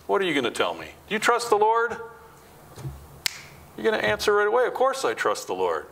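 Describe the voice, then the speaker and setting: A male pastor preaching a sermon in a bright, forceful voice that swings widely in pitch. He keeps putting questions to the congregation, then sinks low and slow to drive a point home. His voice sits somewhat high for a man. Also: poor audio. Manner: asks the congregation many questions; drops to low, slow, quiet emphasis.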